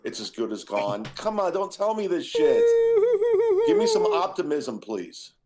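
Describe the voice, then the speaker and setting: Lively exasperated man complaining. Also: sits high, a little slow, a loud crowd. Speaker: man in a played clip.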